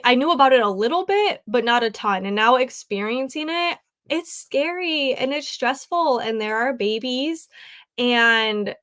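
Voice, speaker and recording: A woman's voice: a little high, fairly bright tone. Tearful chatty woman livestreaming from home. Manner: chatty, emotional, laughs often, many "like"s. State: tearful, grieving. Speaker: craft livestream host. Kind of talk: casual live chat, reading comments.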